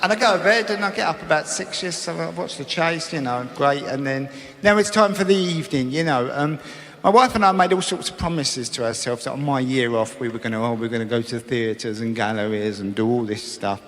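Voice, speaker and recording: A middle-aged man doing a cheeky, wry stand-up routine, now and then bursting into shouted impressions. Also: mid-range voice, a little fast, slight background noise. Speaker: stand-up comedian. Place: large comedy venue with live audience. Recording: echoey hall with audience laughter.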